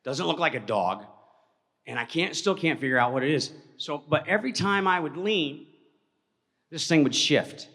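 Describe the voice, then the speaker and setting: A man's voice: on the high side, animated, moderate pace, a bit bright. Folksy man telling a story in a hall. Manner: folksy, conversational, checks in with "okay?" often; moves around while talking, voice fades as he walks off. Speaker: presenter telling an encounter story. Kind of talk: live storytelling talk to an audience. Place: large hall with audience. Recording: echoey hall, speaker drifting off mic.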